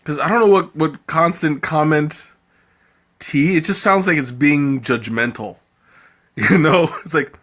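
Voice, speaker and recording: A man hosts a casual live tea tasting and reads out viewer comments. His voice sits somewhat high for a man. He is chatty, laughs easily, and often restarts sentences as he thinks aloud. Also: unhurried, a bit bright.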